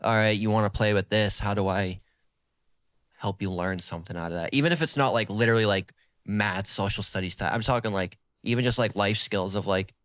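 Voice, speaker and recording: A man's voice: on the low side, a little fast, clear, resonant tone, dry recording. Young man with a strong Boston accent. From South Boston, USA. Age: 20s. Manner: relaxed, filler-heavy talk with many "like"s. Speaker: podcast guest, therapist and rapper. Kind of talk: casual interview chat.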